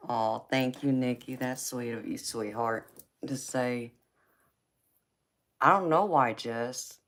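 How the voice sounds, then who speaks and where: A woman's voice: rumbling low, slow pace, long pauses, fairly bright tone. A woman chatting with viewers on a live tarot stream, teasing and folksy, laughing often. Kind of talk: casual live chat with viewers.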